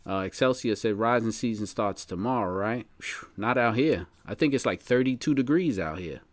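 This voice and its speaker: A man's voice: on the low side, animated, moderate pace, no room sound. A man hosting a casual live podcast chat, laid-back and slangy, laughing often. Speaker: podcast host.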